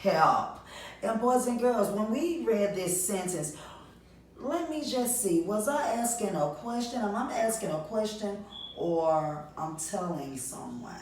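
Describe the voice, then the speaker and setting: A woman teacher leads young children through a reading lesson, slow and a little low, with encouraging sing-song praise. She sounds far from the mic in a very echoey room, with faint noise behind her. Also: lively intonation, a little mellow.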